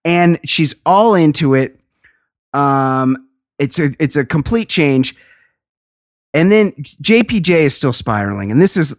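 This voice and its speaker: A woman's voice: rumbling low, no echo, studio quality. A woman hosting a podcast, recapping a reality show in a gossipy, sarcastic, profane way. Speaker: podcast host. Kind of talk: casual podcast chat.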